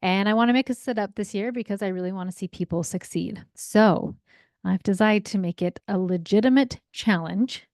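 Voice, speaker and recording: A woman's voice: mid-range voice, normal speed, darkish tone, dry recording, studio quality. A woman in her forties, a parenting coach giving a solo podcast talk in a chatty, upbeat way, often tagging her points with "right?" and acting out quoted voices in her stories. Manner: acts out quoted voices in anecdotes.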